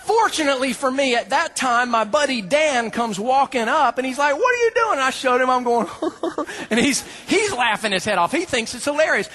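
In a very high-pitched voice, a pastor preaches a little fast with few pauses, over slight background noise. He tells an amusing personal story with plenty of laughter and acted-out dialogue, animated throughout, before shifting to scripture.

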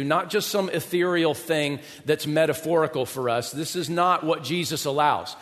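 A man's voice: a little high, moderate pace, few pauses, fairly bright tone, big-room sound. A male pastor preaching a sermon in a conversational way, often asking rhetorical questions.

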